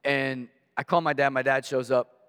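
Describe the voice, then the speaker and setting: Male guest preacher, mid-pitched, lively storyteller, big hall reverb. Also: moderate pace, clean tone. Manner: animated storyteller, acts out voices in anecdotes. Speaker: guest pastor. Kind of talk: storytelling sermon. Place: church sanctuary. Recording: long reverb of a large hall.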